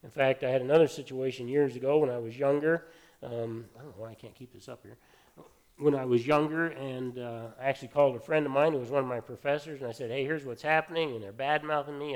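A middle-aged man giving a sermon as pastor, talking in a relaxed, anecdotal way with frequent fillers. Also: mid-range voice.

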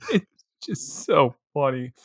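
A man chats about a movie, giggling constantly as he talks. His voice is breathy and swings widely in pitch, recorded dry and close. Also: animated, takes it slowly, no echo. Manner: giggly, laughs through his words. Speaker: podcast co-host. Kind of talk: casual movie chat.

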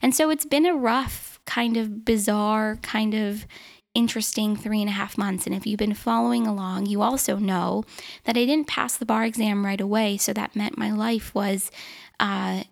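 Podcast host, woman in her twenties, earnest and encouraging, gravelly vocal fry, solo monologue. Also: medium pitch, fairly even intonation, normal speed. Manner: earnest, encouraging, self-reflective.

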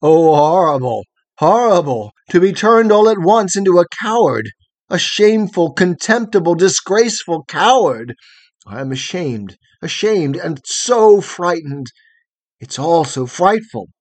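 A man reading the lines of a proud young man in a storybook who is terrified and ashamed of his fear, crying out with anguish in a husky voice. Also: high-pitched, big pitch swings, unhurried, pitched above the performer's own voice, exaggerated voice. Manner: anguished, rising to loud outbursts.

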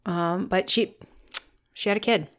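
Sarcastic, animated woman co-host. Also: mid-range voice, measured pace. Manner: sarcastic, animated storytelling with swearing. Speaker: podcast co-host. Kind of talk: casual chat reviewing a film.

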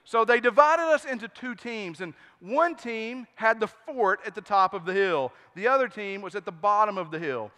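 A man pastor preaching a sermon, telling stories with lively acted-out quotes. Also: high voice, normal speed, hardly any pauses, in a large hall. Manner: storytelling, animated, acts out quotes. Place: church sanctuary.

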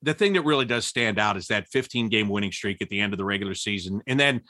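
A man telling old team stories in an interview, laughing often and jumping high in pitch when he quotes people. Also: fast talker, no room sound, studio quality. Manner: animated, laughing storyteller with big pitch jumps when quoting. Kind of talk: storytelling interview.

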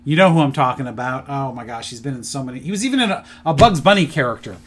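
A man's voice: mid-range voice, lively intonation, fast, fairly bright tone. A middle-aged man on a podcast, rambling through a plot retelling with lots of fillers in a casual chat. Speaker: podcast co-host presenting his picks.

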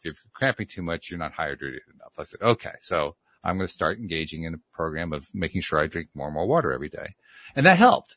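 A man co-hosting a casual talk show, telling a personal story in a reflective, measured way. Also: lowish voice, fairly bright tone, dry recording.

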